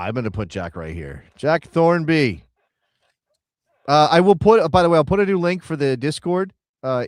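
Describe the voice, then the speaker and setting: A man's voice: mid-range voice, a little mellow, smooth, no room sound, studio quality. A man co-hosting a casual soccer live stream, chatty and rambling as he reads out viewer names. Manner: rambling, chatty, thinks aloud while reading chat names. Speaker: soccer show co-host.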